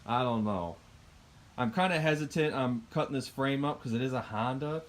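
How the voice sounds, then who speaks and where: Man, casual workshop chat, mid-pitched voice, rambling explanations, camera mic in a garage. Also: normal speed. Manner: chatty, explains as he works, uses fillers. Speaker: vlogger building a go-kart.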